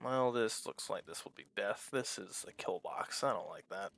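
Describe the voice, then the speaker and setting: A man's voice: lowish voice, normal speed, creaky, a bit bright. A man giving casual, rambling let's-play commentary as a small YouTuber, candid and swearing easily. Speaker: small YouTuber playing a game.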